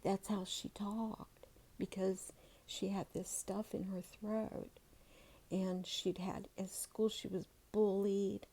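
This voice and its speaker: A middle-aged woman speaks softly and slowly, with a gravelly, mellow tone. She tells a personal story in a hushed voice, pausing often with ums before reading from a journal. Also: medium pitch, level tone. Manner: soft, halting, with many ums and pauses. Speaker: channel host telling a family story. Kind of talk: soft-spoken whispered storytelling.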